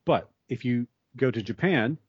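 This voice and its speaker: A man's voice: medium pitch, normal speed, a little mellow, husky, dry recording. A man in a conversation, explaining ideas at length in a thoughtful way with frequent restarts. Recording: dry, slightly dull sound.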